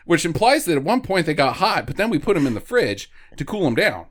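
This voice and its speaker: Lively, high-voiced joking man. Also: a little fast. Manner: animated, joking, slips into silly quoted voices. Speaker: podcast co-host. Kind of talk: casual movie-review banter.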